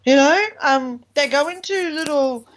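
A woman, co-hosting in chatty, animated casual talk full of fillers. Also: sits high, unhurried. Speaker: co-host. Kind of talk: casual chat.

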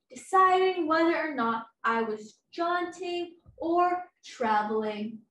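A teenage student actress performing a stage monologue as an anxious, literal-minded young child, speaking earnestly and repeating herself. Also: female voice, sits high, fairly bright tone. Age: teens. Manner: earnest, repetitive, agitated. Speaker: student actor. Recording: echoey hall from far off, faint ambient noise.

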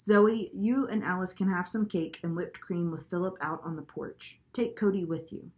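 A woman reading a storybook aloud, voicing a practical, calm mother in a gently firm way. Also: fairly low pitch, normal speed, natural voice.

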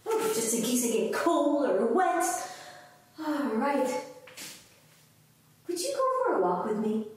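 A woman's voice: sits high, huge pitch swings, slow pace, pauses often. A woman leading a children's yoga lesson in a playful, sing-song way, making animal sounds along with the kids. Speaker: kids' yoga teacher. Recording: echoey room, voice from a distance, faint noise.

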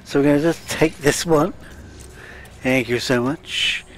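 A man's voice: fairly high pitch, a little slow, a bit bright, a little hiss or hum. A man giving casual, chatty let's-play commentary, muttering to himself as he plays. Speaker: gaming channel host.

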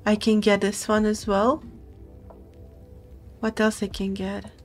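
A woman streamer giving soft-spoken, playful commentary over a puzzle game, reading game text aloud and giggling along. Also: medium pitch, completely flat delivery, slow. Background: faint game music.

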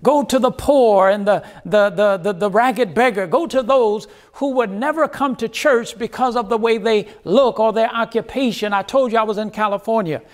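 A pastor preaching a sermon, earnest, with dramatic pauses and repeated phrases. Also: male voice, high-pitched.

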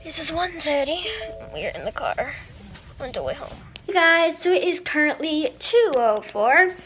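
A woman's voice: sits high, big pitch swings, unhurried, fairly bright tone, faint music behind. A young woman, vlogging casually through her day, chatty and scattered, tired and hiccuping. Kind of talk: casual vlog chat to camera.

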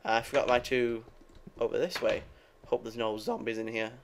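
With a little hiss or hum in the audio, a young man who makes gaming videos speaks at normal speed in a steady, mid-range voice. He rambles casually as he plays, talking to his viewers and swearing freely.

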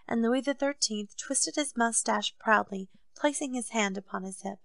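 A woman narrating a classic novel as an audiobook in a steady, unhurried storytelling voice. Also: on the high side, gravelly, dry recording.

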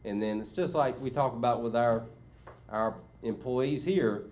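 A man's voice: mid-range voice, a little slow, a little mellow. A man, a school superintendent giving his report at a board meeting in a casual, filler-heavy way. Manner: conversational, many fillers and restarts. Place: meeting room.

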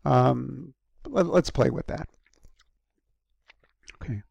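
A man giving a recorded university lecture, halting with frequent ums and restarts and clearing an irritated throat often. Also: mid-range voice, darkish tone, no echo. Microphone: close microphone.

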